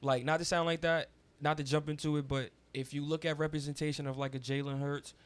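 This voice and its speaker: A man hosting a studio interview in a casual, slangy way, giving lots of shout-outs. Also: fairly high pitch, fast talker, smooth. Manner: relaxed slangy talk, hypes up guests with shout-outs. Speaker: podcast host. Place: recording studio.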